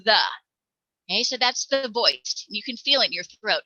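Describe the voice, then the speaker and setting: A woman presenting a phonics lesson for parents, encouraging and demonstrating each sound out loud. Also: fairly high pitch, animated, fairly quick, no echo, lo-fi sound. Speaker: teacher presenting a parent workshop.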